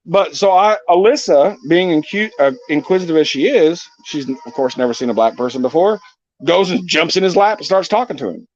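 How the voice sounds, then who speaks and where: A man's voice: a little high, brisk. A man hosting a casual live chat, telling stories with lots of swearing. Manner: profane, animated storyteller. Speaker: channel host. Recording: dull lo-fi dry sound.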